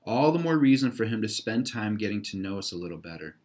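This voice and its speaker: A man voicing an eccentric, courtly older gentleman in a children's storybook, speaking formally and graciously. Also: on the low side, very animated, fast. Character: eccentric, gracious old male library owner.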